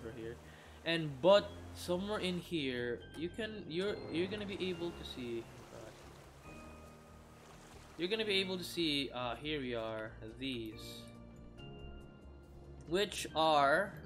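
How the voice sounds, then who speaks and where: Tired man rambling over gameplay. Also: medium pitch. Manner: rambling, restarts sentences, swears casually. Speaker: gamer. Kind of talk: gameplay commentary.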